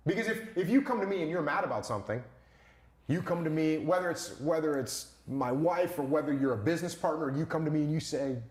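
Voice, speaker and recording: A man's voice: on the high side, animated, a little fast, darkish tone, reverberant. A man answering as an interview guest, talking emphatically with rhetorical questions and repeated short punchlines.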